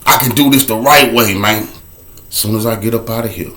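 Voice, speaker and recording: A man telling his own story in a casual, animated way, dropping to a low murmur for a repeated refrain. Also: moderate pace.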